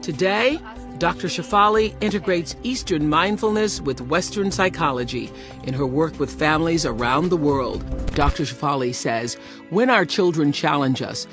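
A man hosting a podcast, reading a scripted introduction in a measured, announcer-like way. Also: a little high. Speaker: podcast host. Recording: voice over loud background music.

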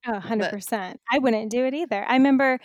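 A woman in her thirties with a somewhat high voice, recorded close and dry. She tells personal stories in a casual chat, acting out what other people said to her. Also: quick pace, dry recording. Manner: storytelling, animated quoting of others. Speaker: wellness coach.

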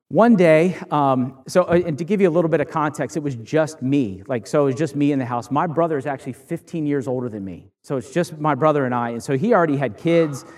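A man preaching a relaxed, anecdotal sermon. His voice sits a bit higher than most men's, and he talks in a loose, conversational way, full of fillers and restarts as he tells stories from his youth. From Northern Virginia. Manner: casual, storytelling, many fillers and restarts. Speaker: pastor.

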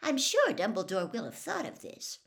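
A woman's voice: a little high, wildly swooping pitch, moderate pace, vocal fry, voice pushed up, full character voice. A woman doing a prim clever teen witch. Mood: warning. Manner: warning, prim. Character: clever, bossy teenage girl witch.

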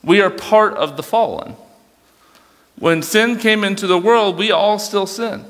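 Young man, youth pastor, casual sermon, bright tense voice, long hall echo. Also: sits high, measured pace. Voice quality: dyslexic, struggles reading aloud. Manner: casual, conversational preaching with fillers.

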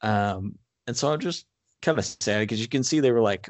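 A man's voice: fairly low pitch, dry recording. A man co-hosting a film podcast in casual chat, with frequent "um" and "like" fillers. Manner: frequent "um" and "like", measured. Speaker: podcast co-host.

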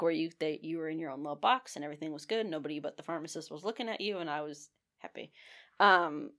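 Young woman co-host, everyday animated storyteller, loose and laughing, casual swearing. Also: fairly low pitch. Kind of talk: casual chat.

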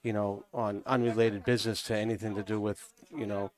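A man with a New England accent talks casually on a cigar podcast, rambling through stories and laughing easily. His voice sits low. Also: flat delivery, brisk, a crowd in the background. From New Hampshire. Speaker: podcast co-host from a cigar company. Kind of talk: casual chat.

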